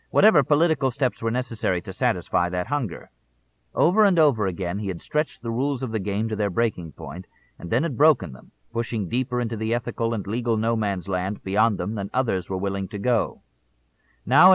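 Male audiobook narrator, lowish pitch, measured delivery, tinny phone-like sound. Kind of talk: scripted narration.

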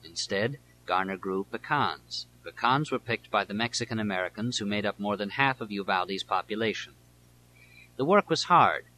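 A man reading nonfiction aloud as an audiobook narrator, in a measured, deliberate way. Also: fairly low pitch, lively intonation, pushed and bright, a little hiss or hum, poor audio.

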